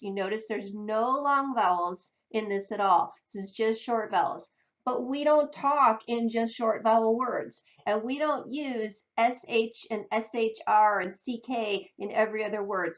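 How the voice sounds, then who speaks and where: A woman with a fairly high voice gives a practical reading lesson to parents. She explains each point step by step and often checks in with "okay". The recording sounds dull and lo-fi. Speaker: reading teacher. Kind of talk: instructional talk to parents.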